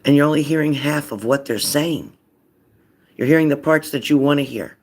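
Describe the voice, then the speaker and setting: A man giving a casual card reading, acting out loud quotes and dropping into whispers. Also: on the high side, normal speed. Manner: animated, acts out loud and whispered voices. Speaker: psychic card reader.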